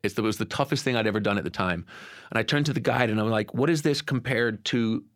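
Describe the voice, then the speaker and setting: Male guest, 40s, low voice, emphatic candid storyteller. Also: fast talker, a bit bright. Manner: earnest, emphatic, repeats phrases for effect. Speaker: podcast guest.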